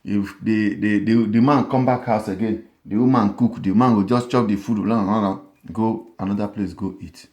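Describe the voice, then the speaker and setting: A man telling a comic story in a Nigerian Pidgin accent, animated, with repeated phrases and sly asides to the listener. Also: fairly low pitch, normal speed, hardly any pauses.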